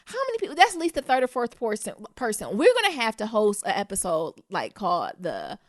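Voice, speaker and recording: A woman co-hosting a podcast in casual chat, animated and quick to laugh and tease. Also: medium pitch, no room sound, clean studio sound. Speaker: podcast co-host.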